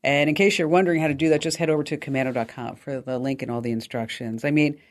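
An upbeat woman hosts a call-in tech radio show. She moves from chatty tips into a breezy sponsor read, talking quickly and lightly. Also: deep voice, steady tone.

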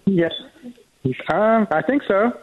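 A man calling in to a radio show, talking casually and haltingly. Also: sits high, narrow, tinny audio. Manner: hesitant, halting with fillers. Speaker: caller. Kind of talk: casual call-in chat.

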